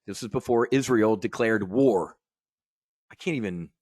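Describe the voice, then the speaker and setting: A man's voice: fairly low pitch, unhurried, darkish tone, no room sound, studio quality. A man hosting a live trading brief, ranting bluntly and profanely. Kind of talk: live market commentary rant.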